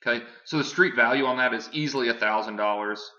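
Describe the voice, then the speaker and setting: Salesy man with a bright voice. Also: medium pitch, fast talker, highs cut off. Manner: casual, filler-heavy, salesy. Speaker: online marketing presenter. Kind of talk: screen-share sales pitch.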